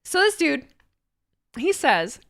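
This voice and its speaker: A young woman hosting a casual livestream, excitable and swearing freely as she reacts to chat comments. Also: high-pitched, slow pace, no room sound, clean studio sound. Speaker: livestream host.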